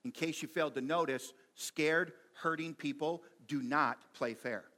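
A man preaching a sermon in a lively, conversational way, reading quotes and making asides to the congregation. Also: fairly high pitch, measured pace. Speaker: pastor.

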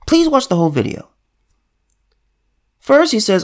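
A man's voice: high voice, huge pitch swings, a little slow, long pauses. Heated man with stumbling restarts. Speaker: political commentator. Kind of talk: emphatic monologue commentary.

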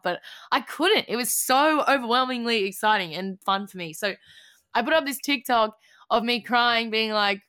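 An Australian woman with a bright, clear voice talks in a loose podcast chat. She gushes with emotion, swears freely and breaks into laughter. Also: a little high, lively intonation, normal speed. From Gold Coast, Australia. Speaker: musician guest.

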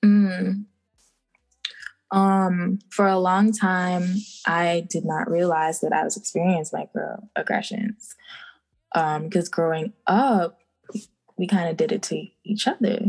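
A young woman from the Bahamas, a podcast guest, chatting casually and telling animated stories with acted-out quotes and frequent laughter. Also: on the low side, slow, gravelly. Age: young adult. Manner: animated storytelling, acting out quotes, laughing often. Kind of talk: casual interview chat.

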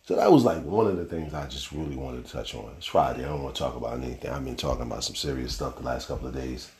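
A man's voice: very deep voice, fast, a little mellow, echoey room. A man hosting a casual solo podcast, telling stories in a loose, rambling way with slang and the odd curse. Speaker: podcast host.

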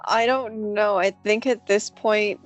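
Quiet hesitant woman player, mid pitch. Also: steady tone, takes it slowly, lo-fi sound, soft background music. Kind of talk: playing a tabletop game.

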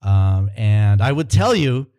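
A man's voice: on the low side, big pitch swings, slow, mellow. Man telling stories with many restarts. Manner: rambling storyteller with frequent restarts. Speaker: cultural consultant and consulting producer. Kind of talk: casual podcast interview.

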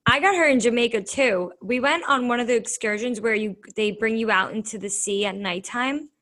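A woman's voice: a little high, fairly quick, fairly bright tone. A young woman co-hosting a podcast, telling a story in a casual, rambling way. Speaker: podcast co-host.

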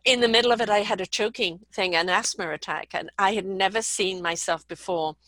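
A woman talking as a podcast guest in casual conversation, earnest and explanatory, sometimes dropping to a soft hush. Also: medium pitch, fairly quick, dry recording, poor audio.

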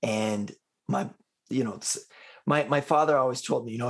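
Casual male podcast guest, husky, anecdotal, animated. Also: medium pitch, moderate pace. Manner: animated anecdotes with acted quotes. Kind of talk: casual storytelling chat.

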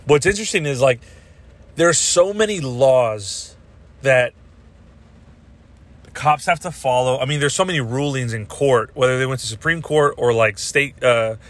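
A young man hosting a podcast, ranting casually in a rambling, profane, animated way. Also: mid-range voice, normal speed. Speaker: podcast host.

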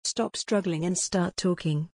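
Woman reading as a blunt menacing male inspector, lowish husky voice, dry read. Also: unhurried, a little mellow, dry recording. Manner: blunt, threatening. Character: gruff rough-born male police inspector.

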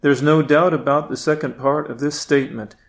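A man's voice: fairly high pitch, fairly even intonation, fairly quick, creaky. A male priest giving a reflective prayer meditation, at times speaking directly to Jesus.

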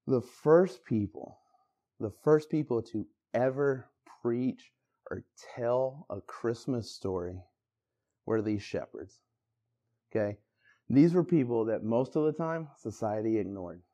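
A man preaching a casual, conversational Christmas sermon, acting out the people in the story with bursts of energy. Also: medium pitch. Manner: animated, conversational, acts out quotes with bursts of energy. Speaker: pastor.

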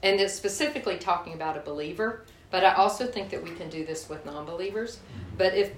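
A woman's voice: on the low side, fast. A woman giving a candid, folksy sermon with a personal story, speaking to a church group and calling them y'all. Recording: echoey room, faint hiss.

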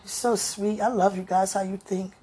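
A woman's voice: medium pitch, fairly even intonation, normal speed, mellow, husky. A woman speaking tenderly to her viewers in an emotional spiritual monologue, as if talking with God.

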